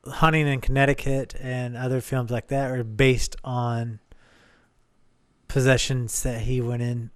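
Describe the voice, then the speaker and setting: A man's voice: mid-range voice, flat delivery, unhurried, smooth, no room sound. A man co-hosting a podcast, chatting casually and cracking short jokes. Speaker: podcast co-host. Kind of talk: casual chat.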